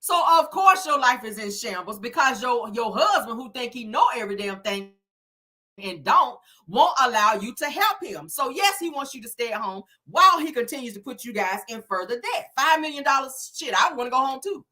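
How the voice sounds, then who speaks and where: A woman's voice: on the high side, lively intonation, normal speed, sharp tone. Sassy, blunt woman reviewer. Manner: sassy, blunt, cussing, slangy. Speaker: reality show reviewer. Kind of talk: casual commentary recap.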